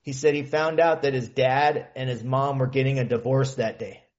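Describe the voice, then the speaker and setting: A man's voice: medium pitch, fairly even intonation, moderate pace, a little mellow, highs cut off. A man from California sharing his recovery story as a meeting speaker, in an earnest, casual storytelling manner with slang. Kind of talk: personal testimony talk. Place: meeting hall.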